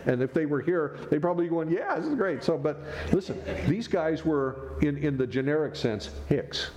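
Male pastor, sermon delivery, animated and playful, slightly high pitch, faint background noise. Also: normal speed. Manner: animated, joking asides to the congregation.

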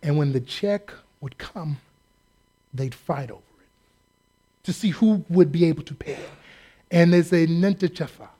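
A pastor delivers a lively, joking sermon in a fairly high male voice. He tells a story from the pulpit and acts out the voices of the people in it. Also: a little slow, pauses often, husky.

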